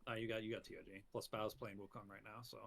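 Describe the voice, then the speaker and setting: A man chatting casually on a stream, laid-back and sometimes drawling slowly. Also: on the low side, little pitch movement, vocal fry, a bit bright, slight background noise. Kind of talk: casual chat.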